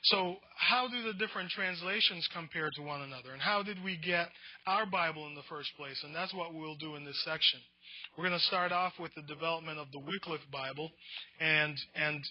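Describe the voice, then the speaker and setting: A man's voice: fairly high pitch, highs cut off. A man teaching a Bible class in a conversational lecture, reading definitions and often restarting his words.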